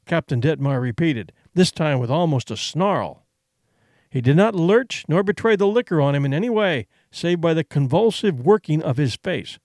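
Expressive male audiobook narrator. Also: on the high side, no room sound, clean studio sound. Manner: measured, expressive storytelling.

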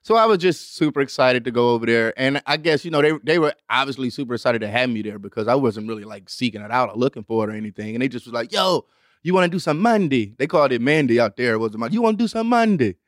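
A young adult man hosting a show, telling a rambling, profane story in an animated way and acting out other people with big jumps in pitch. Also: rapid-fire, few pauses, no room sound, studio quality. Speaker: host. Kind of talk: storytelling monologue.

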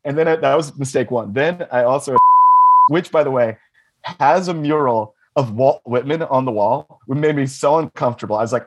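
A man's voice: mid-range voice, moderate pace, sharp tone, husky. A man on a podcast telling rambling comic stories, laughing often and swearing. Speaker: podcast guest. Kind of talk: casual comedic storytelling.

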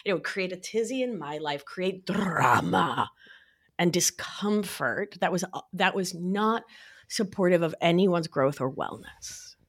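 A woman talking as a podcast guest in casual chat, playful and animated, with lots of fillers and sudden high sing-song asides. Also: measured pace. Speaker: podcast guest, nurse practitioner.

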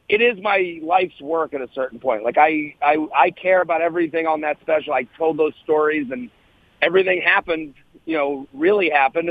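A man's voice: on the high side, gravelly, dry recording, phone-quality sound. A male comedian guest in casual chat, talking in an earnest, emotional, rambling way.

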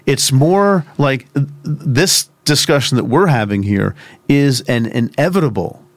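A man's voice: medium pitch, lively intonation, unhurried, dry recording. Male podcast co-host, mid-range voice, reflective and loosely rambling, dry studio sound. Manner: thoughtful, rambling with restarts and asides. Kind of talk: conversational theology discussion.

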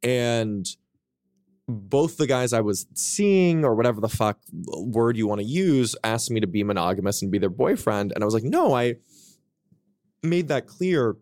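A man's voice: fairly low pitch, lively intonation, moderate pace, darkish tone, no echo, studio quality. A man in his twenties telling candid, profane stories as a guest author on a casual podcast.

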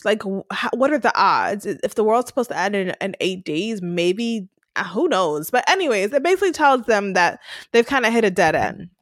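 Woman co-host, lively and expressive recap storyteller, swooping melody. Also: medium pitch, moderate pace, no room sound. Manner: animated storytelling, acting out character lines. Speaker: podcast co-host. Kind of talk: casual TV recap chat.

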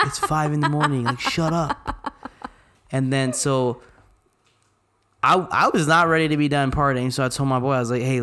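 A man from Arizona, co-hosting a podcast, retelling a night out in a casual, animated way full of quoted dialogue and swearing. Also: medium pitch. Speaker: podcast co-host. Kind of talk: casual storytelling chat.

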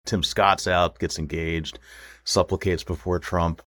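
A man appearing as a guest political reporter, talking lively and thinking aloud, quick to laugh. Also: low voice. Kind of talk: casual political chat.

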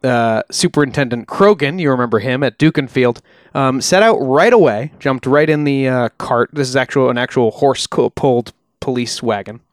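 A man co-hosting a podcast, recounting a true-crime case in a relaxed, chatty way with frequent ums. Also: medium pitch, normal speed, no echo, clean studio sound. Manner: relaxed, uses fillers like uh and um. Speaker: podcast co-host. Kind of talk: casual true-crime storytelling.

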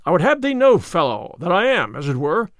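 A man's voice: high-pitched, big pitch swings, a little fast, a bit bright, no echo, studio quality. A man voicing a big, bold outlaw yeoman who boasts and threatens in old-fashioned speech. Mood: angry.

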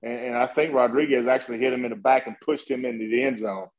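A man hosting a casual sports podcast, asking quick upbeat questions. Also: medium pitch, steady tone, narrow, tinny audio, crowd noise. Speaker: podcast host.

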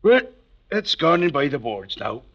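An actor playing a hearty, boisterous middle-aged Irish ex-boxer with a thick Irish accent, in 1940s radio drama style. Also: male voice, sing-song, moderate pace. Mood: nostalgic. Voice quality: booming, laughing, brogue-heavy. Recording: dull old radio recording.

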